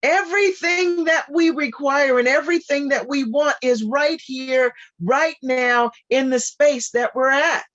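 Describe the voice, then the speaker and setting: A guest speaker giving an informal spiritual talk on a video call, animated and repetitive with frequent laughter. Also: high-pitched, measured pace, hardly any pauses, highs cut off.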